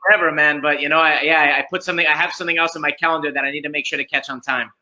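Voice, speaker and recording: Fast, bright-voiced rapper guest. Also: male voice, fairly high pitch, fairly even intonation, low-quality recording. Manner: fast, emphatic, swears casually. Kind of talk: casual interview chat.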